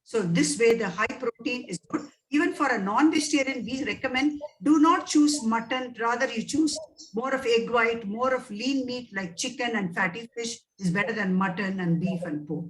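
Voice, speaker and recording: A woman's voice: a little high, normal speed, far from the mic, poor audio. A woman with an Indian English accent answering webinar questions as a nutrition scientist, emphatic and advising, repeating words for stress.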